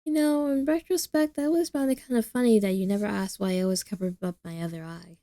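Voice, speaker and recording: A woman's voice: medium pitch, fairly even intonation, quick pace, no echo, close to an everyday voice. Woman voicing a wry young witch friend. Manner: dry, joking, gently teasing. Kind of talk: visual novel voice acting.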